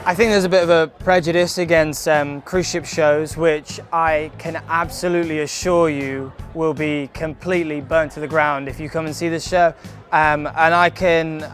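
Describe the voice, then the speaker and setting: A man's voice: on the high side, steady tone, moderate pace, a bit bright, faint music behind. A young British man, a stage actor, explaining his craft thoughtfully in a casual interview. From Britain.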